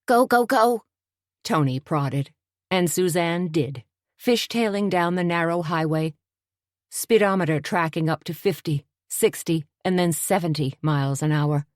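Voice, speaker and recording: A woman narrating an audiobook in a steady, measured storytelling voice. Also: low-pitched, dry recording, studio quality.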